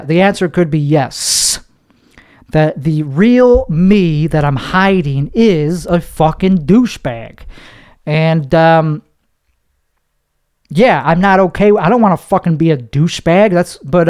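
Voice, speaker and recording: Young guy comedian rambling on his podcast, swears a lot, smooth voice, a bit high. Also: darkish tone. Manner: rambling, self-mocking, profane, slips into put-on voices. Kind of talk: confessional monologue.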